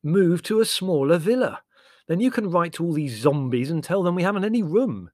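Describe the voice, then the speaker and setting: A man's voice: fairly high pitch, animated, brisk, darkish tone, dry recording, clean studio sound, voice pushed up. A man voicing a sardonic, theatrical young writer who talks dramatically and sarcastically. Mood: exasperated.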